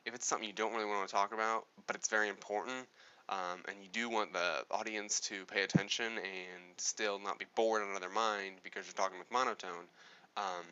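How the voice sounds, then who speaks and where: A man's voice: on the low side, pushed and bright. A man explaining a speaking technique in a casual, rambling way, often restarting his sentences. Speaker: presenter explaining speech moods. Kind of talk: casual spoken lesson. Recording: dull lo-fi recording.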